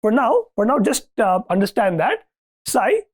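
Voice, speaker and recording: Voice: medium pitch, big pitch swings, moderate pace, breathy edge. Lecturer checking in with "okay, right?". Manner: thinks aloud with restarts and fillers. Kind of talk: university lecture.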